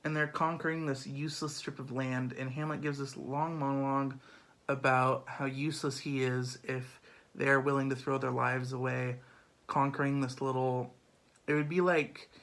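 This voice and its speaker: A man's voice: mid-range voice, creaky, a bit bright. Chatty man summarizing a play. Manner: chatty, filler-heavy, lots of "um" and "like". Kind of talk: casual literature summary.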